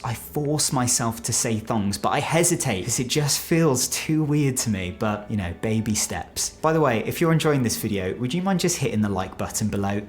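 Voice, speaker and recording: A British man presenting an explainer video, animated and playful, sometimes dropping to a low confiding voice. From Britain. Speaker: presenter explaining Australian slang.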